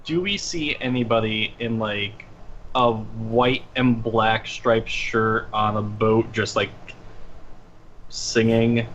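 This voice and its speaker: A man's voice: on the low side, fairly even intonation, takes it slowly, fairly bright tone. A man in casual banter as a player in a tabletop game livestream, opinionated, teasing and jokey. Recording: slightly dull, with faint hiss.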